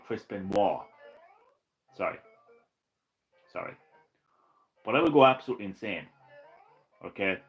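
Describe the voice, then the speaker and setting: A man's voice: lowish voice, rough recording. Ranting man streaming retro games. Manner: ranting, profane, excitable, laughs at own jokes. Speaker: gaming live streamer. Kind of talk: casual live-stream chat.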